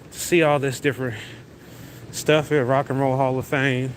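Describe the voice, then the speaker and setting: A man's voice: medium pitch, little pitch movement, moderate pace. Rambling man livestreaming while walking. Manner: rambling, easygoing, talks to viewers as y'all. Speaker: livestream host. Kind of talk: casual walking livestream chat. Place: large indoor convention venue. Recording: noisy venue background.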